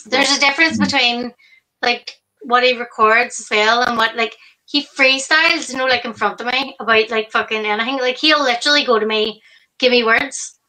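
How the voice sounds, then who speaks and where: A woman's voice: a little high, moderate pace, bright, forceful tone, low-quality recording. A woman co-hosting a live stream, chatting casually, swearing often and laughing easily. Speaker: co-host.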